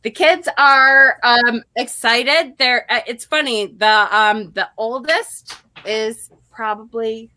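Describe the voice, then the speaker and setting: A woman's voice: fairly high pitch, takes it slowly, hardly any pauses, pushed and bright. A middle-aged woman casually telling a story to her viewers, chatty and laughing often. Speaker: vlog host, tarot reader.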